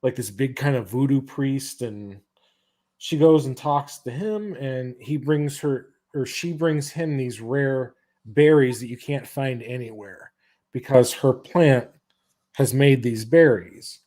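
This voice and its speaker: Slow, halting male podcast host. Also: medium pitch, warm tone. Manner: halting retelling of a comic's plot. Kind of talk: casual chat.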